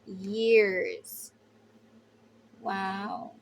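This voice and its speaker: A woman's voice: mid-range voice, little pitch movement, very slow, slight background noise. A woman giving a casual tarot reading to her viewers, chatty and emphatic, sometimes blunt and swearing. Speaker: tarot reader.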